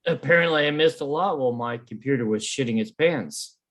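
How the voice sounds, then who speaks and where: A man's voice: mid-range voice, fairly quick, a bit bright. A man joining a casual sports podcast late and chiming in offhandedly about a game.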